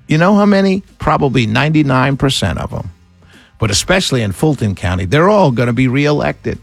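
Man, radio talk host, fired-up sarcastic rant, swinging pitch, dry booth sound. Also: big pitch swings, a little fast, gravelly, dry recording, faint music behind. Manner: impassioned, ranting, sarcastic, laughs between points. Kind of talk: opinionated radio monologue.

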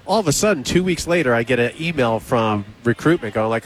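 Male radio host, casual storyteller, animated delivery, plays out the dialogue himself. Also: medium pitch, moderate pace. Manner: animated, acts out both sides of conversations. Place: radio studio.

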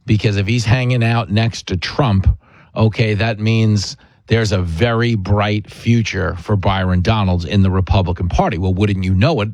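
Brash low-voiced talk radio host. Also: male voice, darkish tone, dry recording. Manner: brash, wisecracking, emphatic.

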